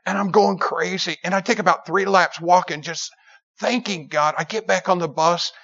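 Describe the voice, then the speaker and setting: A man preaching to young people, telling a story in an animated way and acting out the quoted lines with sudden high shouts. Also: moderate pace. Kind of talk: sermon. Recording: dull lo-fi recording.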